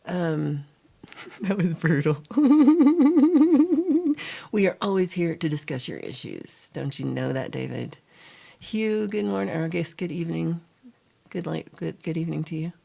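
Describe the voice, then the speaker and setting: A woman's voice: low voice, expressive, moderate pace, creaky, mellow. A woman hosting a casual livestream chat, rambling and reading viewer comments aloud, a little tired and sluggish. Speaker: livestream host.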